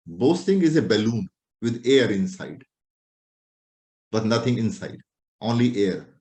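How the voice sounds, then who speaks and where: Lively lecturing male doctor. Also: fairly low pitch, a little slow. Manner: lively, animated, playful teasing. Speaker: doctor teaching a class. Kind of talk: clinical lecture with acted examples. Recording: roomy echo.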